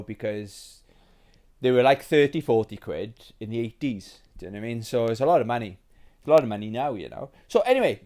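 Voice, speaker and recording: A British man in his forties hosting a nostalgic show-and-tell about old games, rambling and chatty with plenty of fillers, excitable and sentimental. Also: medium pitch. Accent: British English. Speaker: retro game collector host.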